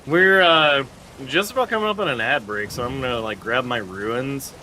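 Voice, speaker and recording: A young man with a stuffy nose, streaming a game and joking, rambling and reacting loudly as he plays. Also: medium pitch, moderate pace, slight background noise. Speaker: livestreamer. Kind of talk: casual live gameplay commentary.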